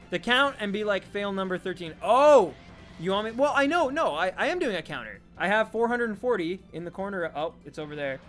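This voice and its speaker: A man's voice: sits high, fairly bright tone. A man from Canada streaming a game, rambling and joking as he answers his chat in casual talk.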